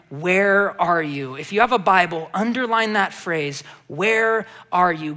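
A male pastor delivering a sermon, moving from quiet reflective passages to animated emphasis and asking the congregation rhetorical questions. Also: high-pitched.

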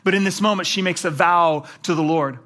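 A man preaching a sermon, animated, swinging between loud emphatic passages and low quiet ones. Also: a little fast. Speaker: pastor.

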